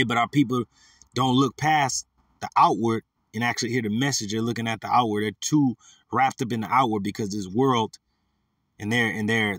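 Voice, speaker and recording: A man's voice: mid-range voice, fairly bright tone, no room sound, clean studio sound, recorded from a distance. A man preaching a sermon, reading scripture verses with rising emphasis and often repeating his words.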